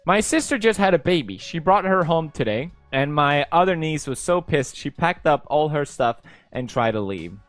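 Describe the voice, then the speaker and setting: A man's voice: fairly high pitch, sing-song, normal speed, a bit bright, no room sound, soft background music. A young man from Sweden reading posts aloud in casual commentary, sarcastic and playful, laughing often.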